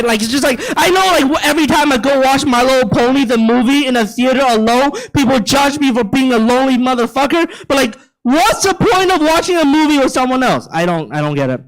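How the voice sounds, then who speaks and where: A man's voice: extremely high pitch, expressive, fairly quick, hardly any pauses, low-quality recording. A young man from China doing live stand-up in a theater, ranting profanely and stammering over his words. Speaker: stand-up comedian. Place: theater stage.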